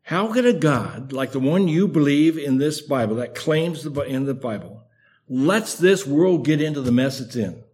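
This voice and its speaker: An older man preaching a sermon in an earnest, measured way, with a slight lisp from a sore tongue and emphatic repetition. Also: on the high side, animated, darkish tone.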